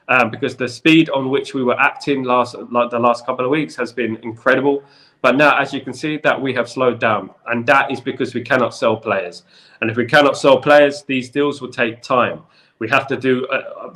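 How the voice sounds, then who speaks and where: A man with a London accent talks through football news on a live stream, replying to his viewers as they comment. He speaks at an ordinary, middle pitch and loops back over the same phrases again and again. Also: fairly bright tone. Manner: repetitive, chatty, keeps saying "in regards to". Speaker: football channel host.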